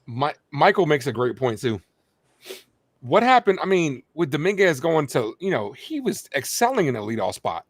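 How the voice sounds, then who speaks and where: A man's voice: a little high, very animated, normal speed, no echo. A man co-hosting a casual sports podcast, talking as a fired-up, rambling baseball fan. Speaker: play-by-play streamer and co-host.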